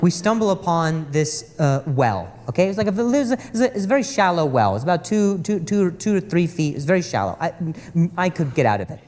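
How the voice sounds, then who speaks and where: A man in his thirties works a stand-up set with a fairly high, very lively voice. He stumbles over words and acts out the people in his story as he goes. The live club recording carries clear audience noise behind him. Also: brisk, in a large hall. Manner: animated storytelling with stutters and acted-out quotes. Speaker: stand-up comedian. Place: comedy club stage with a laughing audience.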